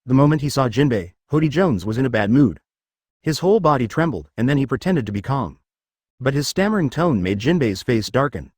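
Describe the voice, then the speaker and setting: A man reading a web novel aloud as a scripted story narration, in an even storytelling manner. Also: mid-range voice, a little fast, dry recording, clean studio sound.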